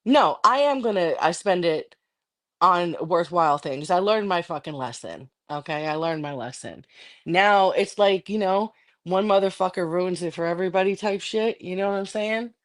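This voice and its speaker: A woman's voice: on the low side, expressive, normal speed. A livestreaming woman in a heated, profane, confrontational rant aimed at a rival.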